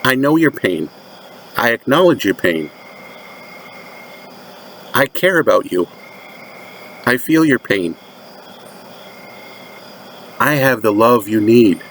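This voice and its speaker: A man's voice: medium pitch, big pitch swings, takes it slowly, long pauses, fairly bright tone, a little hiss or hum, heavily acted. A man doing a honeyed, coaxing recruiter. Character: smooth coaxing recruiter luring a wounded person.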